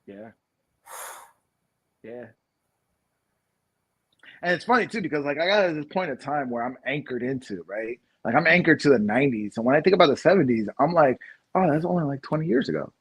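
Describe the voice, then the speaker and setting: A man in his thirties co-hosts a podcast, chatting casually and telling stories animatedly with lots of laughter. His husky voice is medium in pitch, at a moderate pace with long pauses.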